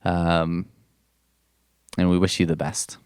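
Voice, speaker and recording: Man, podcast host, casual rambling chat, swears a lot, smooth voice, dry sound. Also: low voice, level tone, slow, darkish tone, no echo. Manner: rambling, profane, full of asides. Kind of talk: casual comic book commentary.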